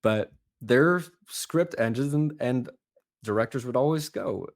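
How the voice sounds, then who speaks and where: A man who coaches accents, chatting as a podcast guest and telling lively, animated stories. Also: medium pitch, unhurried. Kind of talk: casual podcast chat.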